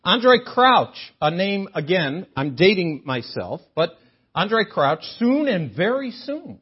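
An older man delivers a sermon in a chapel, swinging his pitch up and down as he jokes with the congregation. His voice is husky, and the recording sounds dull and lo-fi. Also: slow. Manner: animated, joking with the congregation. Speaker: guest preacher. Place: chapel sanctuary.

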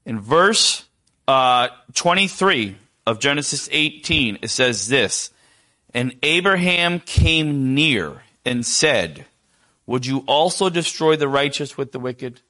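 A middle-aged man preaching a sermon, asking the congregation rhetorical questions and dropping to a near hush for tender quoted lines. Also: mid-range voice, lively intonation, slow.

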